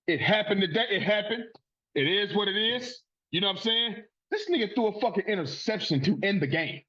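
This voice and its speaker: A man's voice: high-pitched, a bit bright, breathy edge, dull audio. A man hosting a sports podcast, ranting in a profane, fired-up way. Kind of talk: heated sports rant.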